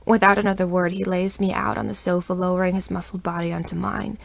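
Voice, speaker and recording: A woman narrating a first-person romance audiobook in an intimate, expressive reading voice. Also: fairly low pitch, quick pace, gravelly.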